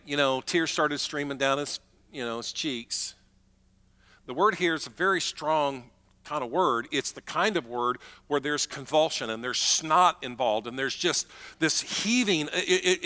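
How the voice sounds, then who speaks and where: A man preaching a sermon as pastor, emphatic, swinging between loud declarations and hushed, slow moments. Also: fairly high pitch, lively intonation.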